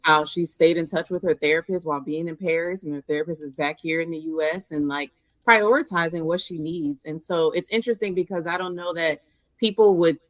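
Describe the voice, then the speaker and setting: Low-voiced woman with a New Orleans accent. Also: brisk, dry recording. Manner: thoughtful, steady explaining. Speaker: guest, mental health counselor. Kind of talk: interview answers.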